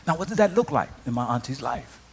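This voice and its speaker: A male pastor delivering a sermon, emphatic, restarting his phrases and swinging from quiet moments to loud ones. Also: mid-range voice, animated, fast, a little hiss or hum.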